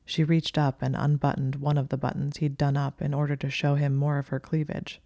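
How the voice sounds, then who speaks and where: An audiobook narrator reading fiction in a calm, even storytelling manner. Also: mid-range voice, brisk, gravelly, no room sound, studio quality. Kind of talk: scripted narration of fan fiction.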